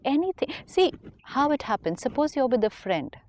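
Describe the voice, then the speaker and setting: A woman, a spiritual teacher calmly explaining ideas on a counselling talk show. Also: a little high, normal speed. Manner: calm, explanatory, acts out inner dialogue.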